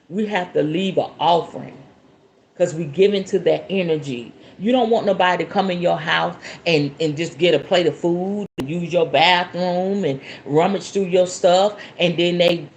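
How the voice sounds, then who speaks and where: There's a little hiss or hum behind this woman's lowish voice. She's a spiritualist host from the Southern United States with a Southern American accent, taking viewer questions in a casual live talk, chatty and folksy, calling people "y'all" and "baby," and laughing in bursts.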